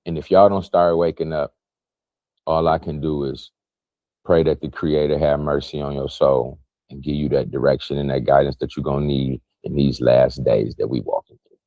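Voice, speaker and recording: A man delivering a heated, profane spiritual monologue to his viewers, preachy and emotional while fasting, his pitch swinging widely. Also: steady tone, no room sound, narrow, tinny audio. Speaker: spiritual vlogger.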